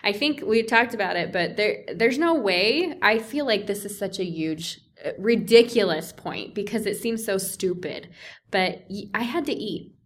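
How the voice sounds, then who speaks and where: A woman's voice: mid-range voice, moderate pace. A woman telling a personal story in casual conversation, acting out quoted voices, with many "like" fillers. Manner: animated, acts out quoted voices, frequent "like" fillers.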